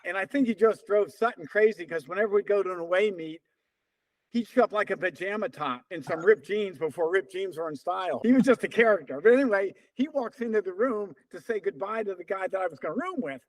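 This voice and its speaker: A man's voice: sits high, fairly quick. A man around seventy telling stories in an interview, acting out remembered dialogue. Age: about 70. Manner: lively, acts out remembered dialogue in quotes. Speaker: interview guest, veteran distance runner. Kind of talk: conversational storytelling.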